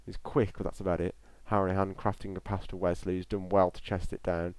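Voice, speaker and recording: A man's voice: low voice, level tone, a little fast, darkish tone, no echo. A young man giving live, chatty football reaction commentary on a stream, rambling between play calls and chat replies.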